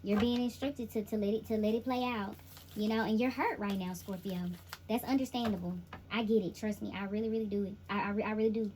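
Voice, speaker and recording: A woman's voice: medium pitch, fairly even intonation, fast, a little mellow, slight background noise, low-quality recording. A woman giving a casual tarot reading, speaking directly to the listener in an emphatic, repetitive, slangy way. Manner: informal slangy delivery. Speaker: intuitive tarot reader.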